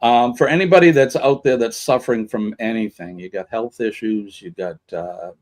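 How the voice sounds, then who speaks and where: A man's voice: lowish voice, normal speed. Earnest motivational man on a live chat show. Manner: earnest, motivational, rambling with fillers. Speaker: morning show co-host.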